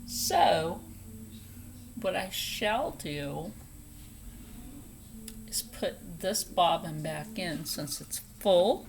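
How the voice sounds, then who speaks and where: Slow, chatty woman teaching sewing. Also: on the low side, lively intonation, slight background noise. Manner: chatty and playful, with soft whispered asides. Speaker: sewing channel host. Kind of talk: casual step-by-step tutorial.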